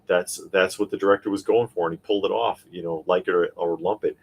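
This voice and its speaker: Speaking fast in a low, steady voice with a breathy edge, a man co-hosts a live toy and pop culture show. He reads viewer comments, chats casually and goes on opinionated, rambling rants full of fillers and restarts.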